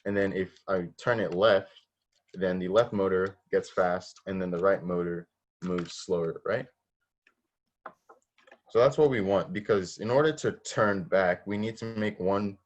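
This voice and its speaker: A man's voice: deep voice, a little slow, lo-fi sound. A man teaching a robotics class online, explaining step by step, asking students questions and often restarting his sentences. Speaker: robotics instructor. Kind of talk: online coding lesson.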